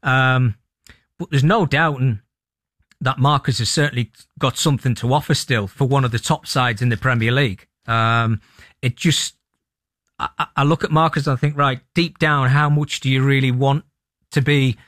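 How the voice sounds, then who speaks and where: A man speaking as a football pundit on radio, thoughtful and halting, with frequent restarts. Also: mid-range voice, steady tone, fairly bright tone, no echo, studio quality. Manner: thoughtful, many restarts and ums. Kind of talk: sports radio discussion.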